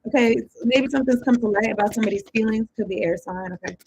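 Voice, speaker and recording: A woman's voice: fairly high pitch, quick pace, darkish tone, slight background noise, low-quality recording. A woman giving a casual tarot reading. She rambles and thinks aloud in loose slang, with some swearing. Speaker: tarot card reader.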